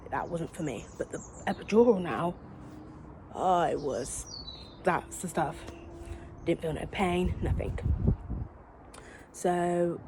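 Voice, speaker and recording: A woman's voice: lowish voice, a little mellow, a little hiss or hum. Chatty young woman telling a birth story. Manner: chatty, rambling, often corrects herself and addresses viewers as guys. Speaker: new mother telling her birth story. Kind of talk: casual storytime vlog.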